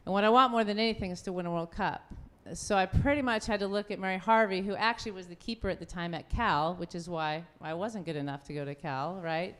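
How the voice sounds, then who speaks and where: At an event venue, a former goalkeeper in her fifties tells a lively story on a live panel in a lowish voice. She talks quickly with few pauses, laughs often, and acts out quotes.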